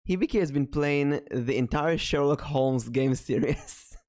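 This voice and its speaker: A man with an accent that mixes American and British, chatting casually as a podcast co-host, talking fast and swallowing words. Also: on the high side, darkish tone. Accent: mixed American and British. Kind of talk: casual chat.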